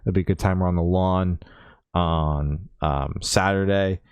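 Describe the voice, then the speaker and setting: A man's voice: deep voice, steady tone, a little slow, a little mellow, clean tone, no room sound. A man hosting a music podcast in casual chat, hesitant with many fillers and a dry sarcastic streak. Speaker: podcast host.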